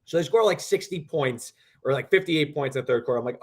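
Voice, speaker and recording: A young man co-hosting a sports betting show, telling a long story in an animated, rambling way. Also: fairly high pitch, fast talker, few pauses, breathy edge. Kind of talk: casual podcast chat.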